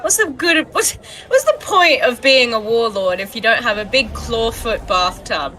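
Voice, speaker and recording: A woman with a high, lively voice and a bright edge chats playfully during a tabletop game. She talks slowly and giggles easily, with faint music behind. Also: a little hiss or hum, rough recording. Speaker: player. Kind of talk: casual chat at a game table.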